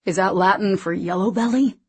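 A woman reading a big, mocking lumberjack in an audiobook, speaking slowly and slyly. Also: mid-range voice, a little mellow, slightly rough.

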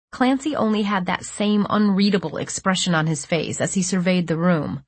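A woman's voice: fairly low pitch, normal speed, few pauses, husky, dry recording. A woman narrating a first-person story in a tense, breathless storytelling manner on a close studio mic. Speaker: audiobook narrator.

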